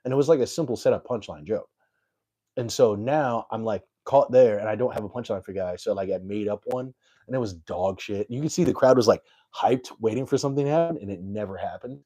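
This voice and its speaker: A man's voice: fairly low pitch, brisk, warm tone. A young adult man, a comedian, telling a story on his live stream in a rambling, self-deprecating way full of fillers.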